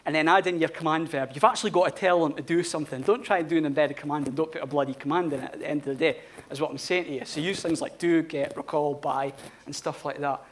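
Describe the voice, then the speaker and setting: A man's voice: fairly high pitch, fairly even intonation, fast talker, hardly any pauses. A man giving a live conference talk in a blunt, informal manner, swearing freely. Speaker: conference speaker. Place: conference hall.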